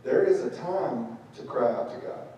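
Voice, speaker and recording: Pastor, animated storyteller, mellow voice, distant mic in a reverberant sanctuary. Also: male voice, mid-range voice, moderate pace, muffled recording, slight background noise. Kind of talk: sermon. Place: church sanctuary. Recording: echoey church, far from mic.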